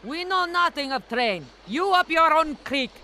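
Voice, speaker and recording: A blunt Russian barge wife. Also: female voice, high voice, lively intonation, measured pace, sharp tone, a little hiss or hum, heavily acted. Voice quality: blunt, broken English. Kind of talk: game voice acting.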